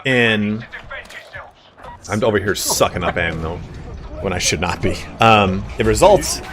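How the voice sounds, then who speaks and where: A man's voice: lowish voice, measured pace, background noise. A young man streaming a game, telling a crude story in casual chat and acting out the voices in it. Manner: animated, crude, acts out the voices in his stories. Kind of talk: casual storytelling while gaming.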